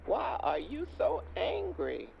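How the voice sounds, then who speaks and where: An actor playing an earnest older street preacher who pleads and preaches in a muffled, lo-fi album skit. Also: male voice, high-pitched, wildly swooping pitch, slow, creaky, a little hiss or hum, heavily acted. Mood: urging.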